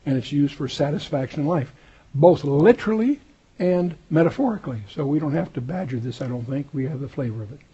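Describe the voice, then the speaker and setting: A man's voice: fairly high pitch, lively intonation, brisk, warm tone, slightly rough, lo-fi sound. A man teaching a verse-by-verse Bible study in a conversational way, with wry asides and digressions.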